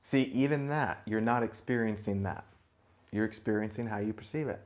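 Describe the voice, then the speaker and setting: Low-voiced gentle spiritual teacher, man. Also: normal speed. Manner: gentle and reflective, with chuckles and blunt asides. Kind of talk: spiritual talk to a group.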